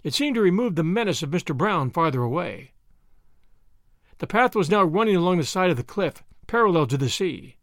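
Expressive male audiobook narrator. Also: high-pitched, a little fast, no echo, studio quality. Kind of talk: scripted narration.

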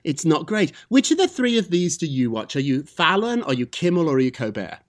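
A man hosting a celebrity gossip show, chatting in a lively, animated way. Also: a little high, fairly quick. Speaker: host.

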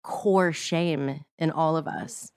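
A woman hosting a reflective conversation, searching for her words slowly and starting sentences over. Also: low voice, a little mellow, smooth, dry recording, clean studio sound.

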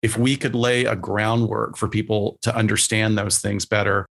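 A psychologist talking loosely on a podcast, his voice sitting low. He gets animated and acts out the things people say to him. Now and then he swears casually. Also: normal speed, gravelly. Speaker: psychologist guest.

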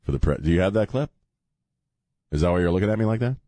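A man's voice: low voice, animated, fast, mellow, dry recording. Sarcastic ranting male radio host. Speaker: radio talk show host. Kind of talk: opinionated talk radio. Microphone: studio microphone.

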